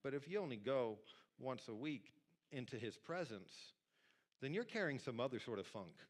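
A male pastor preaching a sermon to a church congregation in a lively, conversational way, talking directly to the people in the pews. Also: mid-range voice, normal speed. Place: church sanctuary.

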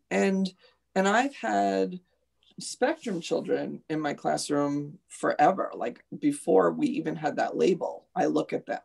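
A woman's voice: low-pitched, creaky, darkish tone, breathy edge. A woman teacher in a live online discussion, earnestly recounting classroom stories.

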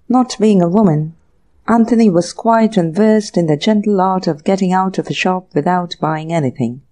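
An audiobook narrator reading a classic mystery story in measured, even scripted narration. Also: mid-range voice.

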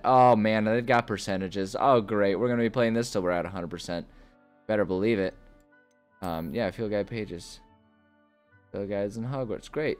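A man's voice: lowish voice, moderate pace, soft background music. A man casually chatting and reading game text aloud while playing a video game, rambling with lots of fillers. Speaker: gaming YouTuber. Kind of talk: casual let's-play commentary.

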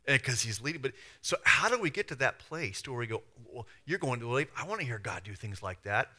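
A man preaching a sermon as pastor, lively and acting out the voices he quotes. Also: mid-range voice. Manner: animated, acts out voices and quotes. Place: church.

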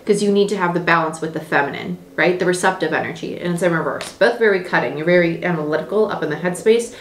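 A woman's voice: fairly low pitch, fast. Chatty young woman reading tarot, echoey room. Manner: chatty, blunt and encouraging, with playful exclamations. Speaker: tarot reader. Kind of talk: casual tarot reading monologue. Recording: echoey room with faint noise.

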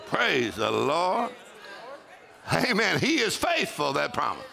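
A man, preaching a sermon with shouted exclamations and call-and-response to his congregation. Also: fairly high pitch, wildly swooping pitch, slow pace, creaky, a faint crowd. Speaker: pastor. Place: church auditorium with congregation.

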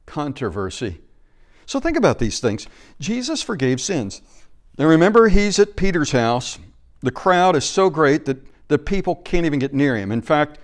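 A male pastor preaching a sermon in a church, telling the story with rising and falling delivery and acting out the voices in it. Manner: expressive preaching, acts out quoted voices with big shifts in pitch and loudness.

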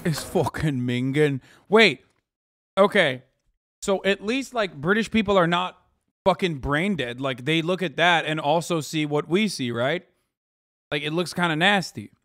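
A man's voice: fairly high pitch, unhurried, fairly bright tone, dry recording. Profane, incredulous streaming man, dry sound. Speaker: streamer reacting to videos. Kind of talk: casual live-stream commentary.

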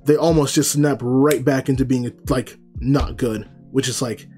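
A man casually recaps an anime episode, rambling and often correcting himself mid-sentence. His voice is mellow and relaxed. Faint music runs underneath. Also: mid-range voice, normal speed. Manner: rambling, with many fillers and self-corrections. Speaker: anime reviewer.

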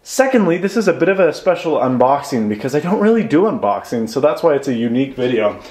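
A young man hosting a casual unboxing vlog, chatty and excited, rambling and correcting himself as he goes. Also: medium pitch, fast talker. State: out of breath. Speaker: tech YouTuber.

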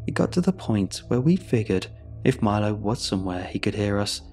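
A man narrating a scripted horror story in a steady, measured way. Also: fairly low pitch, soft background music.

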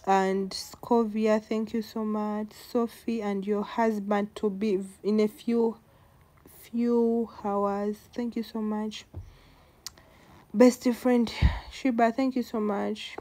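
A woman's voice: medium pitch, flat delivery, slow pace, mellow. A woman, talking to the camera in a casual vlog, heartfelt and emotional, repeating words for emphasis. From Uganda. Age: 20s. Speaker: vlogger.

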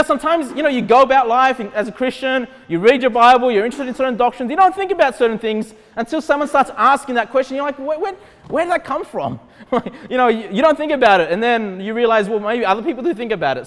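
A man's voice: very high-pitched, lively intonation, quick pace, fairly bright tone. A man with an Australian accent preaching a sermon as pastor, conversational and then emphatic. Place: church hall. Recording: long hall reverb.

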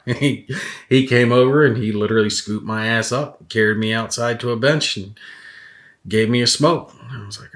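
A man's voice: on the low side, fairly even intonation, normal speed, a bit bright. A man chatting casually while painting miniatures, rambling through stories and swearing freely. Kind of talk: casual rambling hobby chat.

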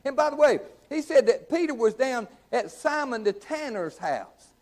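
A man's voice: extremely high pitch, animated, normal speed, darkish tone. A middle-aged man preaching a sermon in a church, folksy and emphatic, repeating phrases for effect. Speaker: pastor. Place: church sanctuary.

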